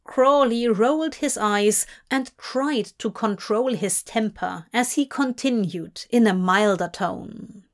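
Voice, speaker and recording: A woman reads a story aloud at a slow, unhurried pace. Her voice sits fairly high, and her delivery stays even and measured throughout. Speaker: narrator. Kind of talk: scripted storybook narration.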